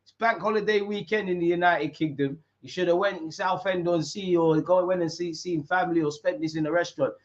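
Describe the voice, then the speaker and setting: A young man, commentating a football match live with street-slang banter and sudden shouts. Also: high voice, steady tone, a little fast, hardly any pauses, dull audio. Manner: banter-heavy, mocking rival fans in street slang, bursts into shouts at big moments. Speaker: football watch-along streamer.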